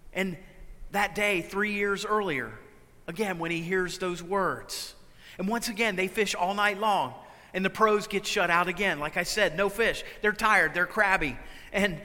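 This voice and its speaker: A man preaching a sermon, swinging between loud, urgent lines and hushed, quiet ones. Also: high voice, in a large hall. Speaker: pastor.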